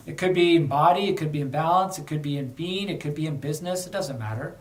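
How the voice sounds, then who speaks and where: A man's voice: on the high side, fast talker. A middle-aged man, a podcast host, telling a candid personal story with a lesson, in a casual conversational way. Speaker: podcast host, former undercover officer. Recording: echoey room, a bit far from mic.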